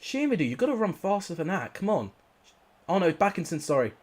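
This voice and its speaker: Young man, gaming commentary, frustrated outbursts, lively swooping pitch. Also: a little fast. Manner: frustrated, exclamatory, swears at players. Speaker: gaming YouTuber. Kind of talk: live gameplay commentary.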